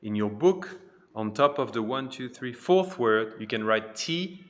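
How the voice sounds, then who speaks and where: A man leads a pronunciation lesson in an unhurried, measured way. His voice has a bright, forward ring. He says each phrase deliberately and twice, with patient, chatty remarks in between. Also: medium pitch, expressive. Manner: repeats each phrase slowly and carefully; patient, chatty teaching asides. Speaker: French teacher.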